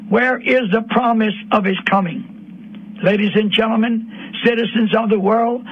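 High-pitched fiery radio preacher man. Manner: impassioned, rising to high emotional peaks. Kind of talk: fiery sermon. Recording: dull lo-fi radio broadcast.

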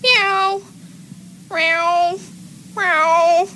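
A woman meowing as a shrill yowling house cat. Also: fairly even intonation, very slow, background noise, heavily acted. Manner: loud high playful meowing.

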